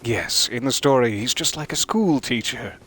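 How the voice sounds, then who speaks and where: A man's voice: mid-range voice, animated, moderate pace, a bit bright, slightly rough. A man giving live gameplay commentary, wry and musing, chatting to the enemies he fights. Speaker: streamer playing a video game.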